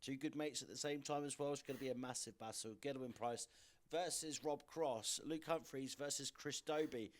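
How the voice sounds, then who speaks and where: A young man hosting a darts podcast in a loose, chatty way. He moves quickly through results and fixtures, and his voice sits at an ordinary mid pitch. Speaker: darts presenter, podcast host. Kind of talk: casual sports podcast chat.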